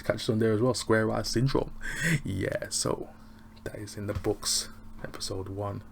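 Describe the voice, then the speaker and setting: A man's voice: lowish voice, fairly even intonation, normal speed, creaky, slight background noise. A man chatting casually as he reviews a TV episode, slangy and rambling with frequent chuckles. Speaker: TV review vlogger.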